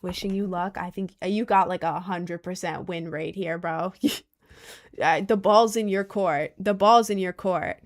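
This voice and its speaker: A woman hosting a casual livestream and answering chat, gushing and playful, with squealing leaps in pitch. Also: measured pace. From United States. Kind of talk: casual live-stream chat.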